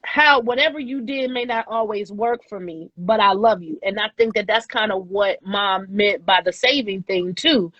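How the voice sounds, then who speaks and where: A woman in her forties speaks in a measured, reflective way, pausing on fillers as she works through her thoughts. Her recording sounds dull and dry, with little room tone. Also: mid-range voice, no echo. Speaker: guest. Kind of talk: reflective casual chat.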